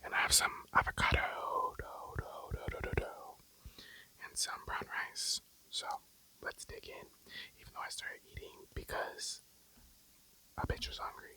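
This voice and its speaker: A young adult of about twenty talking in a breathy whisper through a mukbang ASMR video, casual and blunt, swearing and rambling between bites. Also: a little slow, sharp tone, rough recording. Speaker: mukbang vlogger.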